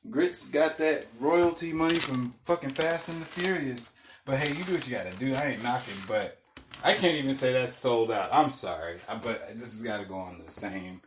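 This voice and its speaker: A young man chats on his podcast in a loose, rambling way. He swears freely and laughs along with his own stories. His voice sits in a middle register, and a clear hiss of noise runs under the recording. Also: medium pitch, normal speed. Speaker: podcast host. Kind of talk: casual rambling podcast chat.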